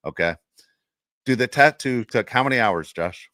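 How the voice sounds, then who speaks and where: A man's voice: mid-range voice, expressive, moderate pace, pushed and bright, dry recording, studio quality. A man co-hosting a podcast, casually teasing a friend and laughing while he tells stories about him. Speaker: podcast co-host. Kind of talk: casual chat.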